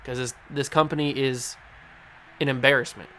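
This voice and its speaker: A man hosting a gaming channel, giving live commentary on his own play and ranting in exasperation with sudden shouts. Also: mid-range voice, steady tone, normal speed, slight background noise.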